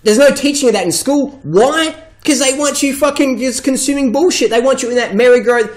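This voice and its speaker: Brief: man with a high voice, swearing, hard-selling vlog rant. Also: fairly quick, poor audio. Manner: blunt, swearing, emphatic, mocking quoted voices. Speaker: vegan fitness vlogger. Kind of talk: profane rant to camera.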